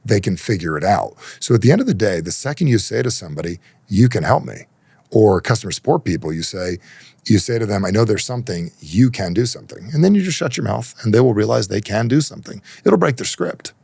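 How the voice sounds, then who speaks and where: A man coaching on human behavior as a podcast guest, emphatic and persuasive, acting out dialogue in animated raised voices. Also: on the low side, fast, gravelly, husky, no room sound.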